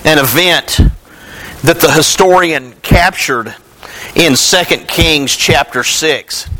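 Bright slow-speaking male preacher. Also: a little high. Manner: reads scripture slowly, then explains in a conversational way. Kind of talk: sermon with scripture reading.

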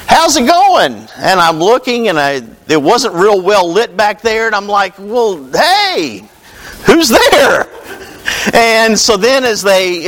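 A man's voice: high-pitched, a bit bright, rough recording. A man preaching a sermon in a conversational, storytelling way, calling out to his congregation. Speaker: pastor.

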